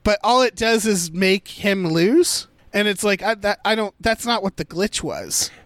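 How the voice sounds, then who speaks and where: Man, high voice, casual movie review chat, rambling, restarts, dry recording. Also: sing-song, a little slow, fairly bright tone, no room sound. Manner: rambling, thinks aloud with restarts.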